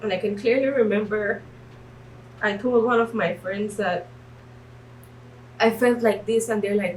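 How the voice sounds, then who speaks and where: A woman's voice: medium pitch, fairly even intonation, unhurried, pauses often, distant mic, a little hiss or hum, rough recording. A woman in her twenties from Belize, giving a personal faith testimony in a hesitant way, with many fillers and restarts. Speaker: church member giving testimony.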